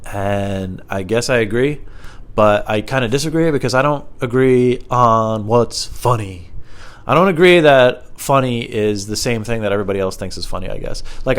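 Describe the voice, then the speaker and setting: A man's voice: medium pitch, a bit bright, clear, resonant tone. Rambling self-deprecating man on a lapel mic. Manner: rambling, self-deprecating, heavy use of filler words. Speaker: podcast host. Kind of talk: rambling solo podcast monologue. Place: living room at home. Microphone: small lapel mic.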